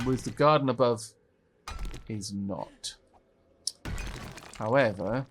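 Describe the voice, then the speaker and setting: A gamer talks his way through a co-op survival session, musing about building plans and trading easy banter with his partner. He giggles often and apologises readily, and a light background hiss sits under the voice. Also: medium pitch. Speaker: gaming channel host. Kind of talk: co-op gameplay commentary.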